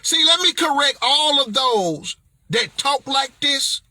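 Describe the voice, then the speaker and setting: A man delivering an impassioned motivational message, blunt and confrontational in a preacher-like way, often raising his voice to a shout. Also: very high voice, big pitch swings, slow pace, no echo. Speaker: motivational speaker.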